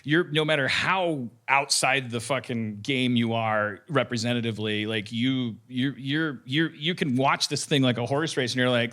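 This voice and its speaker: A man hosting a podcast in casual talk, rambling and animated, swearing freely and joking between points. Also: mid-range voice, moderate pace, few pauses. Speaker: podcast host.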